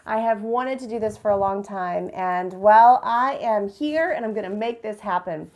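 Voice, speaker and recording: A woman's voice: mid-range voice, moderate pace, a little mellow. A woman hosting a card-making tutorial, bubbly and enthusiastic, chatting to her viewers. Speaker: crafting channel host.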